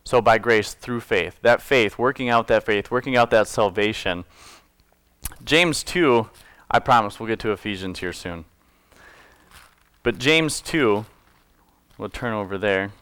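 A man's voice: lowish voice, unhurried, long pauses, fairly bright tone, smooth, no echo. A man preaching a casual sermon to his congregation, reading scripture and explaining it in a conversational, joking way. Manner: conversational, self-correcting, jokes with congregation. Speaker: pastor.

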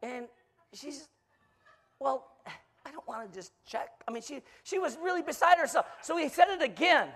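High-voiced joking pastor man. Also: moderate pace. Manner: playful, teasing, animated storyteller. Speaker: guest pastor. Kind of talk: joke-filled sermon.

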